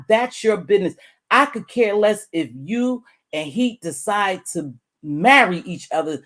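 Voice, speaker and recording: Brief: middle-aged woman vlogger, blunt and animated, voice jumps high and loud to press a point, drops "baby" and curse words. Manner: calls the listener "baby", curses freely. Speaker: YouTube commentator. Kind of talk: direct-address commentary vlog.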